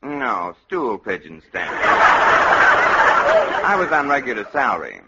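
A man voicing a smug, blunt scandal researcher with a husky voice, in a 1950s radio comedy style. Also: mid-range voice, very animated, slow pace, very noisy. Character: sleazy middle-aged male scandal researcher, smug and blunt. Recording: dull lo-fi old radio recording.

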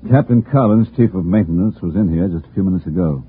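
A cool, scheming executive on an old radio play. He speaks smooth and measured, a little low and husky, with a tinny, phone-thin broadcast sound. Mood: calm, controlling. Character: scheming male executive, calm and menacing. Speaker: company boss. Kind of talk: 1940s radio drama acting.

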